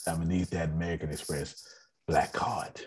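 A man's voice: deep voice, flat delivery, normal speed, darkish tone, husky. A man hosting an online business meeting, giving a casual motivational talk, repeating himself and often checking that listeners understand.

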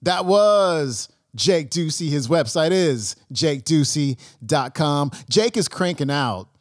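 A man's voice: a little high, animated, slow, dry recording. Male podcast host, dry upbeat outro. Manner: upbeat, punchy sign-off.

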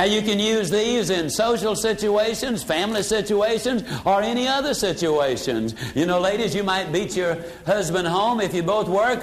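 An older man teaching a sales seminar in a folksy way, dropping his voice low for emphasis. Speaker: sales trainer. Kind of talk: motivational seminar talk.

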